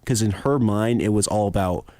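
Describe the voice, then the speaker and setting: A man's voice: on the low side, normal speed, dry recording. A young man hosting a podcast, telling a story with lots of acted-out quotes. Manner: animated storyteller, acts out quoted voices. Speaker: podcast host. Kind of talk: casual chat, storytelling.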